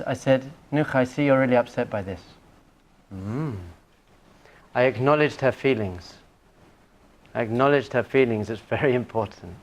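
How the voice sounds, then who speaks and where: A male rabbi teaching a class, telling humorous family stories and putting questions to his audience. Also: mid-range voice. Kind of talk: lecture with personal anecdotes.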